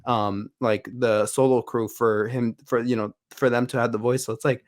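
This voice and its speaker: A man's voice: mid-range voice, fairly even intonation, moderate pace, hardly any pauses. Rambling male podcast co-host. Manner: rambling, many restarts and fillers. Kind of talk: casual chat.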